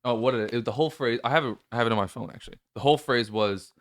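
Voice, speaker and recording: A man's voice: medium pitch, very fast, no echo. A male podcast host telling a story in casual chat, nervous and rambling, with many restarts and a voice that cracks.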